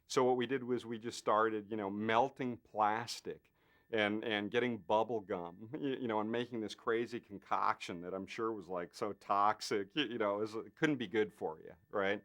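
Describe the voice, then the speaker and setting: Animated male effects artist telling stories. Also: lowish voice, moderate pace. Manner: animated, full of fillers, acts out other people's lines. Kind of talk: anecdotal interview storytelling.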